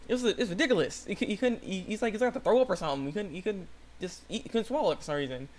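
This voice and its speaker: A young man hosting his own channel, retelling an episode in a rambling, excitable way with lots of fillers and restarts. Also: high-pitched, rapid-fire, slight background noise. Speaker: channel host. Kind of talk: casual anime episode recap.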